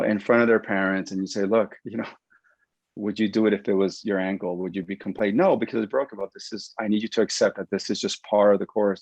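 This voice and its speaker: A man working as a concussion rehab clinician, giving an animated explanatory webinar talk over a video call. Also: on the low side, vocal fry, husky, no echo. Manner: animated, explanatory, acts out patient quotes. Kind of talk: webinar presentation. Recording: dull lo-fi dry webinar audio.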